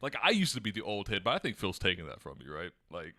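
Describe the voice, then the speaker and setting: Young man, low deep voice, relaxed podcast banter, laughs through stories. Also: quick pace, dry recording, clean studio sound. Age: 20s. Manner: laid-back, laughing storyteller. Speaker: podcast co-host. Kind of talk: casual chat.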